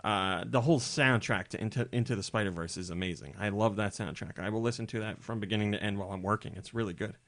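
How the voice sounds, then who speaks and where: A man's voice: fairly low pitch, quick pace, few pauses. A man hosting a podcast in casual chat, chatty and jokey with rambling asides. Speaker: podcast host.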